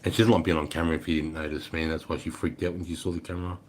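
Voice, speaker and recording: A man's voice: very deep voice, very fast, slight background noise. A middle-aged Australian man chatting casually on a livestream, swearing freely as he tells stories. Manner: swears freely, relaxed storytelling. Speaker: livestream host.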